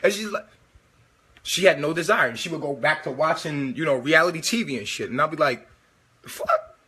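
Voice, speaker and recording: A man speaking in a casual, preachy vlogging monologue, animated and swearing often as he lectures his viewers. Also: on the high side, fast, breathy edge.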